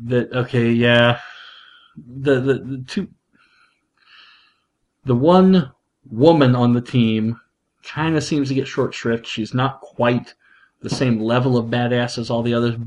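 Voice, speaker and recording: A man hosting a podcast, talking casually and excitedly, often laughing and restarting his sentences. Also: mid-range voice, slow pace, pauses often. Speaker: podcast host, father. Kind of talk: casual monologue.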